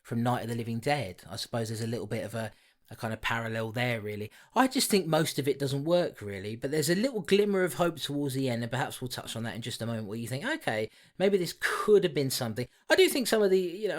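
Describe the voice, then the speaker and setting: A man's voice: mid-range voice, expressive, fast. A man co-hosting a horror film podcast, talking in a loose, conversational way. His voice sits mid-range, and he slips into teasing, exasperated sarcasm at his co-host. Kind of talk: casual film review chat.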